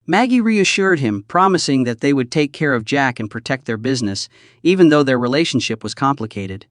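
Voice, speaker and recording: Lively male movie recap narrator. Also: mid-range voice, no echo, studio quality. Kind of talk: scripted narration.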